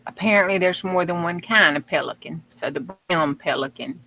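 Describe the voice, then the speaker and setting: A woman's voice: fairly low pitch, normal speed, pushed and bright, a little hiss or hum, rough recording. A woman in casual livestream chat, reading fun facts in a folksy, chatty way and stumbling over words. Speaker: co-host.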